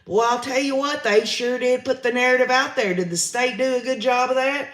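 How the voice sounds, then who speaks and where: A man's voice: very high voice, fairly quick, a bit bright, roomy sound. A man, hosting a livestream, giving his opinions in a chatty way and reading out viewer comments. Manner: chatty, opinionated, says y'all often. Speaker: livestream host reading chat.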